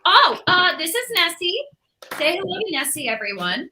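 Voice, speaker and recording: A woman voice actor, chatting on a livestream in a giggly, excitable way. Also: very high-pitched, moderate pace, a little hiss or hum, poor audio. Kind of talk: casual livestream chat.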